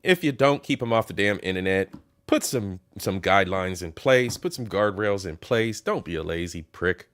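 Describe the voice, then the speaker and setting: Brief: male host, mocking, swears a lot, lively swooping pitch. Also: normal speed. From Ohio. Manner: profane, mocking, animated. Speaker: commentary host. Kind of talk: casual reaction commentary.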